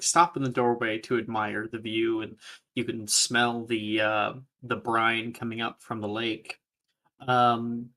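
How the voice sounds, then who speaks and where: Slow, hesitant man narrating as game master. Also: medium pitch, a bit bright. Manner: unhurried, with many filler pauses.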